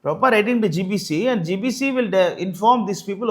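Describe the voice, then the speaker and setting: High-voiced man, arguing back and sounding fed up, lots of rhetorical questions. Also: lively intonation, fast. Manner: exasperated, rhetorical, mocking the opponent. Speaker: religious commentator. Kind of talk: argumentative commentary.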